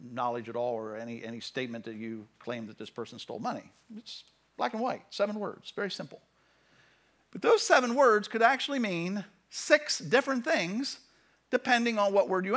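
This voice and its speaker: A man preaching a sermon as pastor, reading scripture and talking to his congregation with animated, shifting emphasis. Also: medium pitch, fairly quick.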